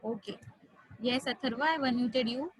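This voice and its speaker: A woman's voice: a little high, normal speed, background noise. A woman teaching an online class, patiently repeating drills and coaxing her students.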